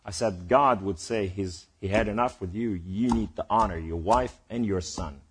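A man's voice: lowish voice, normal speed, a little hiss or hum. A man preaching a sermon in a rambling, emphatic way, building to calls to the listeners. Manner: rambling and emphatic, rising to exhortation.

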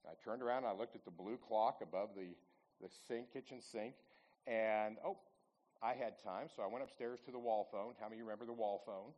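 A man's voice: medium pitch, darkish tone, low-quality recording. A man in his sixties giving a folksy storytelling talk at church, chatting with the audience and asking them questions. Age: 60s.

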